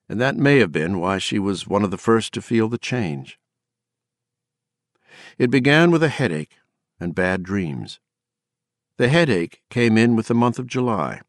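A man reading a novel aloud as an audiobook narrator, measured and dramatic in his storytelling. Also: on the low side, no echo, studio quality.

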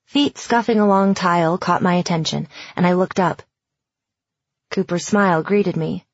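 Breathy woman narrating a story. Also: lowish voice, moderate pace, dry recording, muffled recording. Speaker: audiobook narrator. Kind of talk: first-person audiobook narration.

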